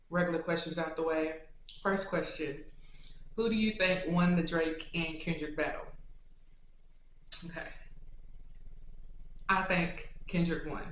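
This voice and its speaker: A woman with a Kentucky accent, answering viewer questions in a casual, animated, slangy chat. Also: on the low side. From Louisville, Kentucky. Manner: chatty and animated, with slangy asides. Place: indoors, sit-down video setup. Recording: very echoey room.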